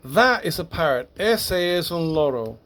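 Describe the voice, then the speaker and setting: A man teaching Spanish grammar to English speakers, explaining step by step, halting and correcting himself as he goes. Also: fairly high pitch, expressive, a bit bright. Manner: slow, halting, with restarts and self-corrections.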